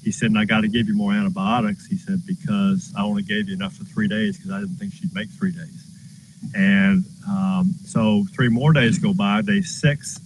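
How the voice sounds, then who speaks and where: Outdoors against a noisy background, a man who runs a horse farm tells a story in an earnest, folksy, casual way. His voice is fairly low.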